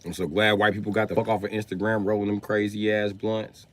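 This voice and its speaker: A man streaming live, riffing through a profane comic rant in an animated, swearing manner. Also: fairly low pitch, fairly quick. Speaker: comedian streamer.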